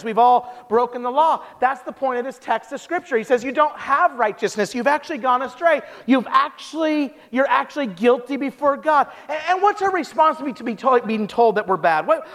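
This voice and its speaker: Guy preaching a sermon, high pitched, animated storytelling, big reverby church. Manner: animated storytelling, acts out quotes in character voices. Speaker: pastor. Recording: long hall reverb.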